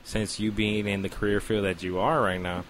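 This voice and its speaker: A man voicing a calm, matter-of-fact male doctor, a little quieter and lower than his own talk. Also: a little fast, slight background noise, natural voice.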